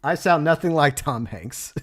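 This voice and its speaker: A man's voice: a little high, lively intonation, normal speed, a bit bright. A man hosting a casual livestream, chatting and laughing as he answers messages from his chat. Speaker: livestream host.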